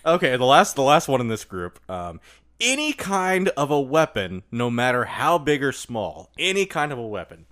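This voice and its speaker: Animated laughing male podcast host. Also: mid-range voice, normal speed. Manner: laughs often, animated and teasing. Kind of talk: casual podcast chat.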